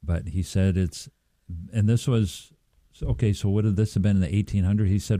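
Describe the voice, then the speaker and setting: A man co-hosting a casual chat, easygoing and quick to agree. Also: on the low side, steady tone, dark tone, no echo. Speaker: co-host.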